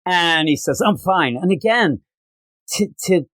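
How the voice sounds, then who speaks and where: A man's voice: sits high, lively intonation, measured pace, fairly bright tone, dry recording. A man co-hosting a podcast, casually retelling comic book scenes and acting out the characters' lines. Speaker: podcast co-host.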